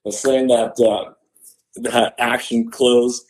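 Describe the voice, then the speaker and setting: Man telling a lively hunting story. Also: medium pitch, slow pace, low-quality recording. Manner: animated, acts out quoted voices. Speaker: podcast guest, hunter. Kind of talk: casual storytelling.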